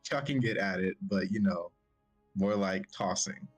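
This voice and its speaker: A man's voice: sits low, measured pace, breathy edge, dry recording, soft background music. A man playing a tabletop game, chatting casually and eagerly, laughing often. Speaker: player.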